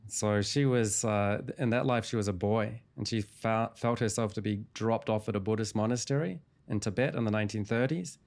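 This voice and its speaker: A man, a hypnotherapist guest in an interview, calmly retelling a client's session in a measured storytelling way. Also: fairly low pitch, creaky.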